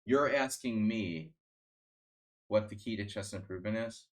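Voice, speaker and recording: A man with a somewhat low voice talks casually to his stream viewers while he plays chess. His talk rambles, with a sardonic edge and plenty of restarts and fillers. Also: measured pace. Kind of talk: casual live-stream chat.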